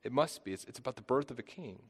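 Speaking quickly with a breathy edge and lively intonation, a pastor in his thirties delivers an earnest sermon at medium pitch. He frequently repeats and restarts phrases, and a long hall reverb surrounds his voice.

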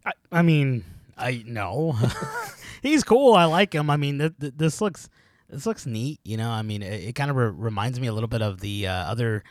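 Man co-host, mid-pitch, dry close sound, rambly and laugh-prone. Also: animated, normal speed, no echo. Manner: rambling, laughs often, trails off and restarts. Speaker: podcast co-host. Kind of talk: casual chat.

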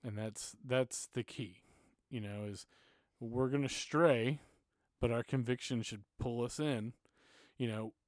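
A man's voice: mid-range voice, steady tone, slow pace, no room sound, studio quality. Earnest man telling a story. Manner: earnest storytelling, emotional at times. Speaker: podcast guest, church music minister. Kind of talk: casual podcast conversation.

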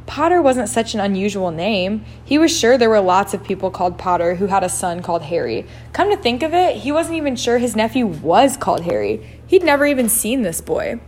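A woman reads a novel aloud in a middle-pitched voice. She takes her time and now and then slips in an aside of her own. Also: very animated, a little mellow, a little hiss or hum. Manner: unhurried, adds own asides. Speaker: reader.

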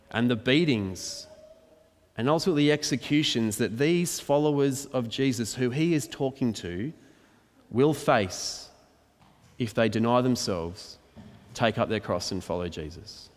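A man preaching a conversational, verse-by-verse sermon and acting out the quotes. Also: mid-range voice. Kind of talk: expository sermon. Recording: long hall reverb.

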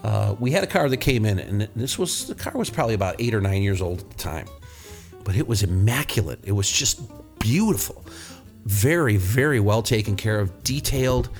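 Low-voiced, blunt, swearing mechanic. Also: male voice, animated, normal speed, soft background music. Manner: blunt and profane, rambling anecdotes. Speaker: podcast host, auto mechanic. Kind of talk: casual podcast storytelling.

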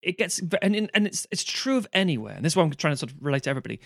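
A man's voice: fairly high pitch, sing-song, very fast, vocal fry, fairly bright tone, no echo. Sweary man ranting, dry sound. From London, England. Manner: ranting and sweary, acting out quoted people. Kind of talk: casual chat.

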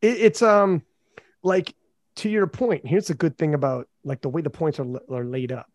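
A man hosting a casual podcast chat, animated and quick with asides. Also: on the high side, no room sound, studio quality. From Canada. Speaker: podcast host.

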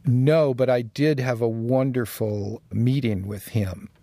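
A man with a gravelly, slightly husky voice tells his stories in an easy, reflective way and chuckles along the way. He is recorded dry and close, with no room sound. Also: medium pitch, steady tone, slow pace, dark tone, dry recording. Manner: reflective, chuckles while telling anecdotes. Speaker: guest designer. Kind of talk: casual interview conversation.

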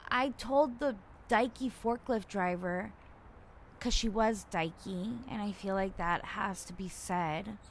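A woman at an ordinary pitch talking in a loose, rambling monologue full of fillers and swearing. She rants bluntly and grows loud and indignant when she retells a run-in. A faint hiss sits under her voice. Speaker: podcaster. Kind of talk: casual ranting monologue.

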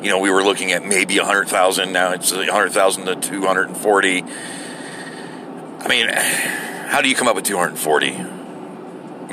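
A man's voice: deep voice, a little slow, pauses often, background noise. A man with children and a wife, ranting angrily with heavy profanity in a heated monologue. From United States. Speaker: vlogger.

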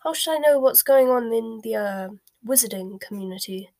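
A harried male prime minister from a storybook, spluttering in raised, higher outbursts, as a woman reading aloud puts him on. Dry, close sound with no room echo. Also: moderate pace, a bit bright. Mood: snappish.

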